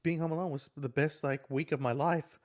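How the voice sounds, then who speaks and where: A man voicing a young boy who protests in a high, whining voice. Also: steady tone, brisk, natural voice. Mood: whiny. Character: whiny indignant young boy.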